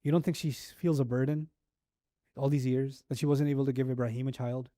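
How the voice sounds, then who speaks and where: A man giving a sermon-style lecture on scripture. He tells the story in an animated way, with rhetorical questions and casual fillers like "like" and "you know". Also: mid-range voice, fairly quick, dry recording, studio quality. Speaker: Quran teacher.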